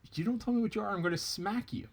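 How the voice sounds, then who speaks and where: A man voicing a cocky trickster male rabbit in a folk tale, making high, indignant, blustering threats. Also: rapid-fire, vocal fry, breathy edge, heavily acted. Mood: demanding.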